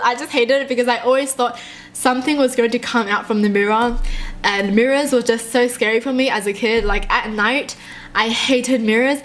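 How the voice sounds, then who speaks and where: A young woman with a slightly high voice reads short horror stories aloud. She reacts in a jumpy, excitable way and laughs often.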